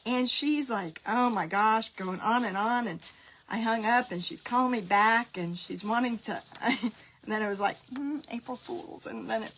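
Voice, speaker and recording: A woman's voice: a little high, normal speed, a bit bright, a little hiss or hum. A middle-aged woman telling casual stories while she paints, chatty and laughing at her own pranks. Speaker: crafting tutorial host.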